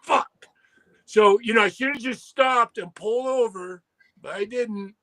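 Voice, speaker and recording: A man with a notably high speaking voice tells a story in a loose, profane way. He jumps into the voices of the people he quotes, then drops back into easy chat as a co-host. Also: measured pace, bright, forceful tone, no echo. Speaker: podcast co-host.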